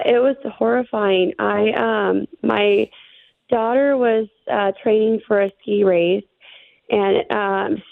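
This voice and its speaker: A woman's voice: mid-range voice, creaky, no echo. A middle-aged woman, an interview guest, earnestly recounting a personal ordeal with many fillers. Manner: earnest, rushed storytelling with fillers. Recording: dry, thin phone-line sound.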